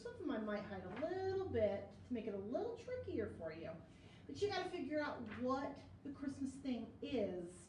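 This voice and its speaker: Lady librarian doing storytime, high bouncy voice, echoey room, kinda far from the mic. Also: a little hiss or hum. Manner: animated, sing-song read-aloud with sound effects. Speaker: children's librarian. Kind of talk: reading a picture book aloud to kids.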